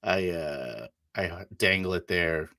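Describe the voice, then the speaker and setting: Low-voiced halting male player. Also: sharp tone, dry recording, clean studio sound. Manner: hesitant, halting, many uhs. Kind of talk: in-character tabletop play.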